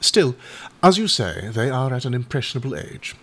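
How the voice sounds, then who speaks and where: A man reading aloud and voicing a mild, doubtful Edwardian gentleman who speaks politely and hesitantly. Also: medium pitch, very animated, moderate pace, slightly rough, voice pushed up. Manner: hesitant, polite, a little flustered.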